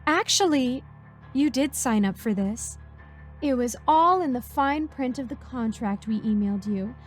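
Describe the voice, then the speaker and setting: A woman's voice: fairly high pitch, animated, unhurried, soft background music, voice pushed up. Woman voicing a sing-song, creepily motherly caretaker. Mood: sweetly sinister. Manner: sing-song, overly sweet and soothing. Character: sweet, creepy, motherly woman running a medical experiment.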